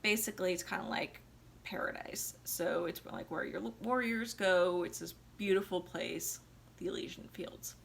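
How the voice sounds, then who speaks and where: A woman's voice: fairly low pitch, moderate pace, vocal fry. A tipsy woman vlogger retelling an opera plot in a chatty, slangy way with sarcastic asides. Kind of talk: casual comic retelling.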